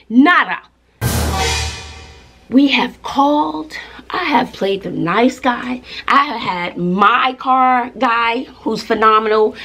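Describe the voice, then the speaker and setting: A woman's voice: fairly high pitch, fairly bright tone. A middle-aged woman, chatting casually to her viewers in an emphatic way, repeating herself and often laughing. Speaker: vlogger, mother. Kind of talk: casual chat to camera.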